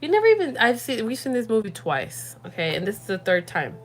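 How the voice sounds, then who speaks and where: A young woman chatting casually on a livestream from home at night, animated and slangy, talking straight to her viewers. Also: medium pitch, fairly quick, heavy background noise. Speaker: livestream host.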